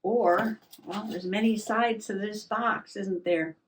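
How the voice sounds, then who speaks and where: A woman hosting a relaxed, chatty journaling vlog at her craft table, musing aloud with soft laughs. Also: medium pitch, takes it slowly, a little hiss or hum. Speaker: journaling vlogger. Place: home craft table indoors. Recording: voice a little distant from mic.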